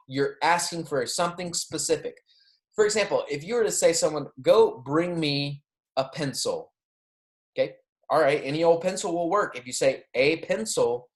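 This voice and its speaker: Slightly high in pitch, a male instructor patiently walks through Spanish grammar in a recorded class lecture. He frequently checks understanding with "right?" and "okay?" while enunciating the Spanish examples slowly and clearly.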